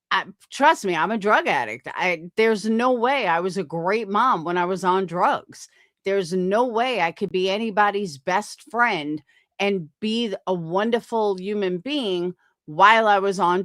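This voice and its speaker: A woman's voice: medium pitch, a bit bright, no echo, studio quality. A middle-aged woman streamer commenting on clips in a blunt, profane, sarcastic way.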